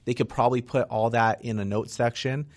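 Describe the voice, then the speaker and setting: A man's voice: mid-range voice, fairly even intonation, fairly quick, dry recording. A man speaking as a real estate investor guest in a casual interview, frank and explanatory, often tagging "right?" onto his points.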